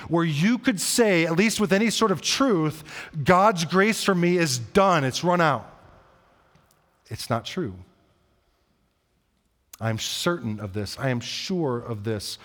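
Earnest preaching man in a reverberant hall. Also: fairly high pitch. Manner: earnest, repetitive, conversational preaching. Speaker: pastor. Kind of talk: sermon.

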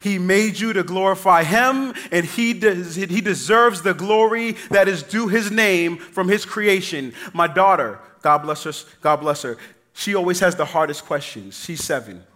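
A man preaching a sermon, telling family stories with acted voices and shifting between loud emphasis and quiet, casual delivery. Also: sits high, unhurried, few pauses. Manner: animated storytelling, acting out voices of his kids; casual, addresses the congregation as y'all. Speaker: pastor.

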